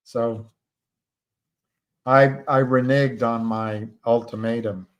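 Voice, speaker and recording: A man talks alone on a livestream, thinking out loud as he goes. His delivery is slow and unhurried, full of pauses, restarts and fillers. His voice sits at an ordinary middle pitch. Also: fairly even intonation, highs cut off. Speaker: livestream host. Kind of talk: casual livestream commentary.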